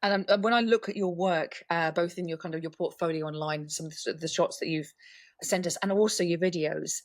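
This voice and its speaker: A woman's voice: on the low side, fairly even intonation, a little fast, no room sound, studio quality. A woman hosting a podcast, chatting casually and poking fun at herself. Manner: chatty, friendly, self-deprecating. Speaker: podcast host. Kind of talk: casual interview chat.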